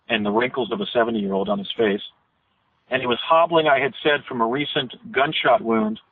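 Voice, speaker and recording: A man's voice: medium pitch, breathy edge. A man guest on a radio interview, telling long rambling recollections with frequent restarts. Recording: tinny phone line.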